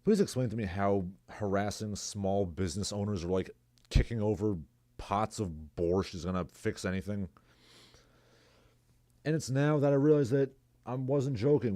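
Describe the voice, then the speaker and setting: A man's fairly low, warm voice carries his livestream at a moderate pace, recorded dry. Talking solo in a casual, sarcastic, rambling way, he reads out messages from his viewers' chat.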